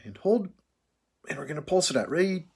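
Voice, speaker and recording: A man leading a choir through breathing and vocal warm-ups, calm and patient, counting out each breath. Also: fairly high pitch, fairly quick, creaky, husky. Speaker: choir director.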